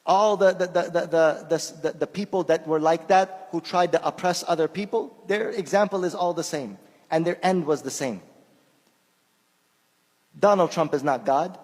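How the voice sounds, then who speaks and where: एक आदमी अनौपचारिक धर्मोपदेश दे रहा है, बोलचाल के अंदाज़ में, शब्द दोहराते हुए और किस्सों में आवाज़ें निकालते हुए; उसकी मातृभाषा फ़ारसी है।. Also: male voice, on the high side, moderate pace, a little mellow. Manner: conversational, repeats words while searching, acts out quoted voices. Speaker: shaykh giving a talk. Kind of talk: informal sermon with anecdotes. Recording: long hall reverb.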